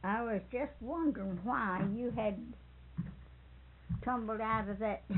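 A woman's voice: on the high side, slow. An older woman telling a rambling family story, chuckling and correcting herself as she goes. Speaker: storyteller interviewee. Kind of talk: folksy anecdote telling. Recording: tinny phone-like tape with faint hiss.

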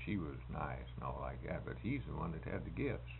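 An older man in casual conversation, musing slowly as he reminisces, with restarts, on a tinny lo-fi recording. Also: extremely low pitch, lively intonation, vocal fry. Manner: slow, musing storyteller with restarts. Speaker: conversation participant. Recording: tinny phone-like lo-fi recording with faint hiss.

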